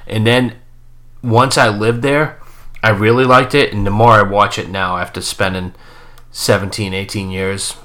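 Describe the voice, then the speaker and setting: A man's voice: on the low side, fairly even intonation, measured pace, bright, forceful tone. A middle-aged man co-hosting a casual live-stream chat with playful, teasing banter. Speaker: podcast co-host.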